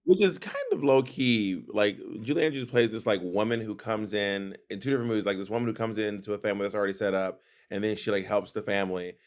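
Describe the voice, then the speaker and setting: Lower-pitched man, opinionated chat. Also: fast, few pauses. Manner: opinionated, animated storytelling with quoted voices. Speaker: podcast co-host. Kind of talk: casual chat.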